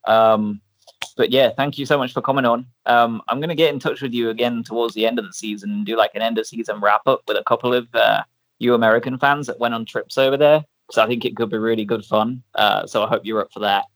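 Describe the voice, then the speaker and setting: A man's voice: mid-range voice, fairly even intonation, fast, fairly bright tone, no room sound. A man hosting a casual podcast, chatty with lots of fillers and laughter. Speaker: podcast host.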